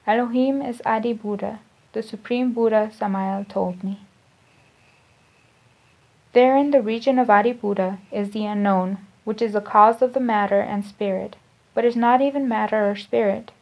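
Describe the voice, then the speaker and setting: A woman giving a spiritual lecture, reading esoteric teachings aloud in a measured, deliberate way, often restarting and repeating phrases. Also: medium pitch, fairly even intonation. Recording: dull lo-fi recording.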